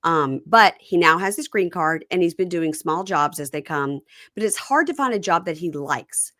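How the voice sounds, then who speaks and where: A podcast co-host recaps a reality show episode in casual chat, telling it like a story and acting out the quotes. Her voice is on the low side and a bit bright, with lively intonation at a normal speed, recorded in clean studio sound with no echo.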